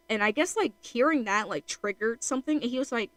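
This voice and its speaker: A woman's voice: fairly high pitch, animated, fast talker, hardly any pauses, no echo, poor audio. A woman streamer chatting casually while she draws, rambling with lots of fillers.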